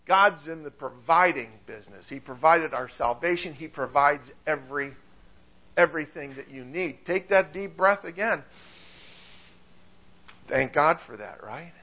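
An older male preacher giving a sermon, lively and chuckling at his own stories. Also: a little high, a little slow, muffled recording. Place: church.

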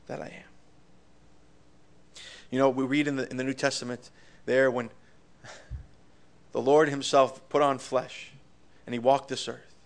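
A man preaching a sermon with passion, his voice swelling and dropping, with stammered restarts. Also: mid-range voice. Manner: impassioned, rising and falling in volume, with stammered restarts.

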